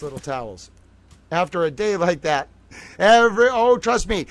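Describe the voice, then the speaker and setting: Excitable high-voiced man with gravelly edge. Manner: theatrical and excitable, exclamations and repeated phrases. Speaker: livestream host. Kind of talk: excitable live-stream commentary.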